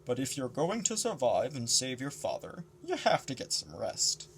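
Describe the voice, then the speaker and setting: A man reading the lines of a calm, learned older male mentor in a measured, explanatory way. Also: mid-range voice, a little hiss or hum, poor audio. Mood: firm. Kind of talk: audiobook character reading.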